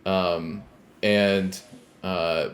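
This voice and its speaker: A podcast co-host with a notably deep, low-pitched voice talks very slowly through a video game's plot in a casual recap. His delivery is loose and rambling, heavy on filler words, and he swears casually as he goes.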